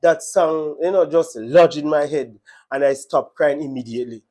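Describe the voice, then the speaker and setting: A Jamaican man tells his own faith testimony, his voice sitting a little higher than most men's. He talks earnestly and with emotion, often going back over the same words as he recounts what happened. It is an unscripted personal story. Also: moderate pace, darkish tone. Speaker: testimony speaker.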